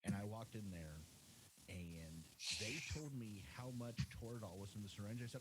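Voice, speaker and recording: A man guesting on a podcast as a nurse practitioner, telling an anecdote in an animated way with laughs. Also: lowish voice, normal speed, very noisy. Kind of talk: casual storytelling.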